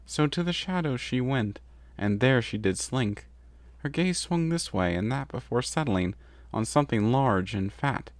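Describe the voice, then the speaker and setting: A male reader narrates a rhyming story with a steady storytelling rhythm. His voice sits at a middle pitch. The sound is dry and close. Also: unhurried, dry recording. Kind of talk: scripted narration.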